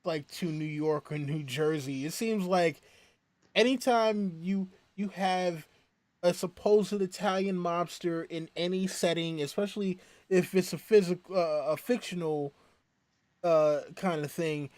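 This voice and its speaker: Rambling, higher-voiced man in casual table chat. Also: unhurried, darkish tone, dry recording. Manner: rambling, full of restarts and laughter.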